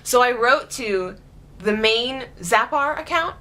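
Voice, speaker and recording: A woman vlogging in casual chatty storytelling, giggly, excitable and gushing. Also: on the high side, slow.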